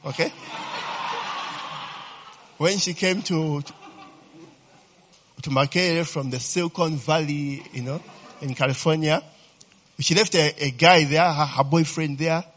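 Husky-voiced Ugandan man, teasing and rambling. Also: fairly high pitch, unhurried, long pauses, a bit bright. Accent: Ugandan English. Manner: rambling, teasing, laughs often, asks the audience questions. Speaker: speaker addressing an audience. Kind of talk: informal talk to a crowd.

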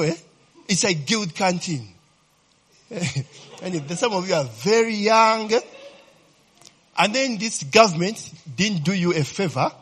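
A man's voice: high-pitched, fairly bright tone, breathy edge. A middle-aged man with a Ugandan English accent gives a rambling, joking talk to an audience. He often laughs, teases his listeners and quizzes them as he goes. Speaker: speaker addressing an audience. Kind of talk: informal talk to a crowd.

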